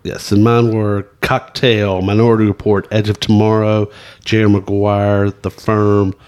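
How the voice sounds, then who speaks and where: A man's voice: fairly low pitch, level tone, unhurried, a little mellow, clean tone. A man co-hosting a casual movie podcast, rambling through anecdotes with many fillers. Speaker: podcast co-host.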